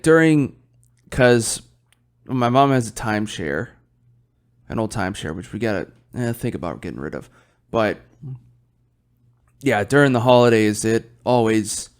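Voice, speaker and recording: A young man hosting his own podcast, chatting casually and rambling while he drinks beer, swearing often and yawning. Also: mid-range voice. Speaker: podcast host.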